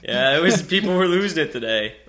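A man's voice: fairly high pitch, animated, a little fast, crowd noise. A man hosting a casual hockey podcast, chatting loosely with laughs and fillers. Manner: laughs easily, many fillers. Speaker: podcast host.

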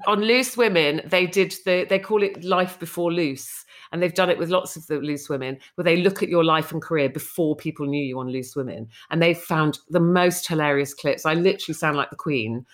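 A woman's voice: deep voice, fairly quick, hardly any pauses. A middle-aged woman, a TV presenter, telling anecdotes animatedly in an interview and acting out quoted speech. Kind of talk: chatty anecdotal storytelling.

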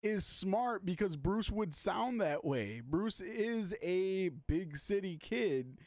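A man co-hosting a casual podcast chat, animated, swearing and quick to laugh. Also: high voice. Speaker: podcast co-host.

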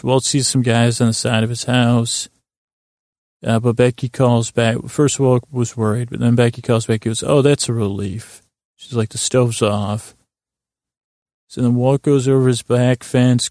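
A man's voice: mid-range voice, creaky, dry recording, clean studio sound. A man hosting a podcast, casually recapping a TV episode in a rambling way and quoting the characters without much change in his voice. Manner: rambling, quotes characters in a flat voice. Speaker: podcast host.

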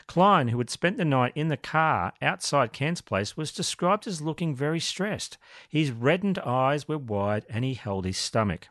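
A man's voice: medium pitch, fairly bright tone, no room sound, studio quality. A man co-hosting a true crime podcast, telling the story steadily with light jokes. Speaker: podcast co-host.

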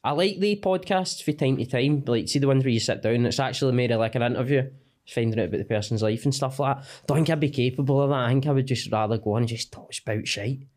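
A man's voice: medium pitch, quick pace, a little mellow. A young Scottish man, a comedian guest, rambling and self-deprecating in casual podcast chat.

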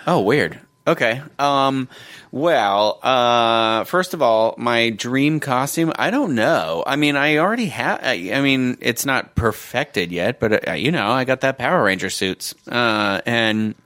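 Animated man joking on a podcast. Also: medium pitch, slow, no echo, clean studio sound. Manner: playful, animated, laughs easily. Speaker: podcast co-host. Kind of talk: casual chat.

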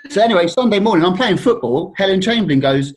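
A man's voice: sits high, expressive, quick pace, a little hiss or hum. A man telling a rambling, self-deprecating story in casual chat, laughing often. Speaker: guest telling stories.

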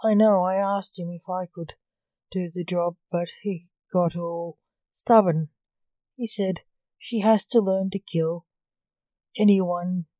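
A woman reading the part of a young male necromancer who speaks in a flat, matter-of-fact way. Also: lowish voice, takes it slowly, long pauses, dry recording. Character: weary young male necromancer, reaper's son.

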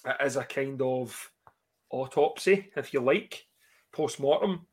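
A man's voice: mid-range voice, a little slow, a little mellow, slightly rough. A Scottish man hosting a football fan podcast, swearing and joking as he introduces his guests over a video call. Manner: sweary, laughs a lot, jokey. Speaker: podcast host. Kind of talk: casual fan podcast chat.

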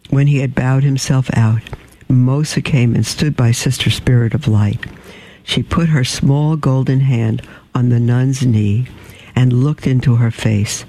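Male storybook reader, dark mellow tone, creaky and gravelly, measured delivery. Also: mid-range voice, fairly even intonation, no echo, poor audio. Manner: measured, unhurried reading with small slips and throat clearing. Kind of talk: reading a storybook aloud.

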